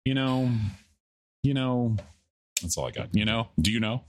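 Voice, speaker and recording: A man's voice: medium pitch, lively intonation, normal speed, no room sound. A man in his thirties co-hosting a podcast in casual chat, rambling and jokey, poking fun at himself. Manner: rambling, jokey, self-deprecating. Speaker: podcast co-host.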